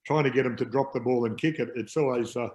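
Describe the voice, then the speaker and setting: Fast-talking Australian man, rambling. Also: medium pitch, darkish tone, poor audio. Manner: rambling, upbeat, many fillers. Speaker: guest, former pro footballer. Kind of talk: casual chat on a video call. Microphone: video call.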